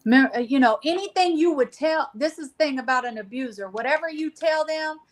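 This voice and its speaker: A woman speaking on a podcast panel in a halting, casual way, with many restarts and fillers. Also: high voice. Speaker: panel guest.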